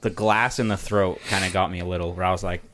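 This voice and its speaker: A man with a fairly low voice. He chats in a laid-back way, swearing freely and filling his talk with "like". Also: steady tone, quick pace, fairly bright tone, slight background noise. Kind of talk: casual chat.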